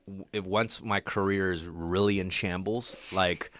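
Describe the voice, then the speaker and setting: A man's voice: low voice, fairly even intonation, unhurried, fairly bright tone, no room sound. A man guesting on a podcast, chatting casually with self-deprecating jokes, stumbling restarts and laughter. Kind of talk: casual comedic chat.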